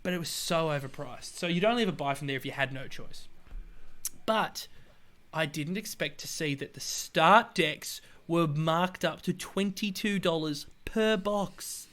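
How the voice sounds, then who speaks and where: An Australian man co-hosting a podcast, telling stories in a lively, exasperated way with sudden outbursts. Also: moderate pace. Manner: animated, exasperated storytelling with sudden high outbursts. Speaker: podcast co-host. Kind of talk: casual chat.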